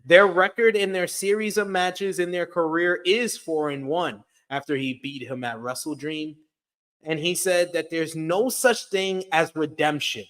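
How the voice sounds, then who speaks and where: A man's voice: fairly high pitch, fairly even intonation, a little slow, fairly bright tone. A man co-hosting a wrestling review show, reading a blunt, wry recap of the episode.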